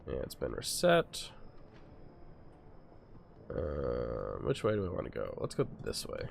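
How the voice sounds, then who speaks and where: A man with a stuffy, sniffly nose giving relaxed, think-aloud commentary while playing a game. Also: a bass voice, takes it slowly, vocal fry, soft background music. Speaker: gameplay streamer. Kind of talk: casual gameplay commentary.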